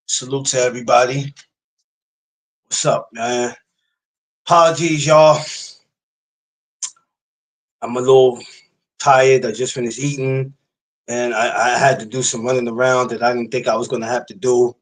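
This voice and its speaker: A man in the host's chair of a boxing podcast, talking casually to his viewers in a loose, slangy way. His voice sits at an ordinary middle pitch for a man. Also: flat delivery, moderate pace, long pauses, low-quality recording. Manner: loose and chatty, slangy greetings to the audience. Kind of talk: casual livestream podcast chat.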